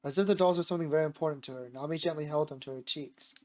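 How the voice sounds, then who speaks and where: Man, slightly high voice, sore voice, measured story reading, visual novel narration, faint background music. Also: a little mellow. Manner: measured, deliberate reading with sudden reactions. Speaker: streamer.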